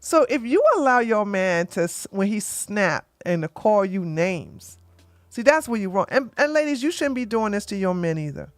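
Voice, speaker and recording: A woman hosting an opinionated commentary show, talking bluntly and emphatically, often tagging points with "okay?" and getting loud when she acts out arguments. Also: mid-range voice, normal speed, no echo, faint music behind. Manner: gets loud and animated when acting out arguments. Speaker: commentary channel host.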